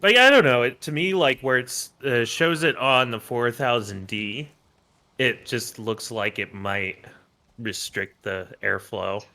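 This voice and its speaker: A man in casual chat with friends, speaking in halting, hesitant bursts. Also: mid-range voice, pushed and bright.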